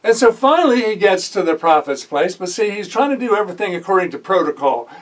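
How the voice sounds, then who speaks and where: A man's voice: high-pitched, very animated, fast, far from the mic, low-quality recording. A man teaching a sermon, reading scripture aloud and breaking off to comment conversationally, with frequent fillers and self-corrections. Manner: reads a passage, then stops to comment conversationally. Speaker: Bible teacher.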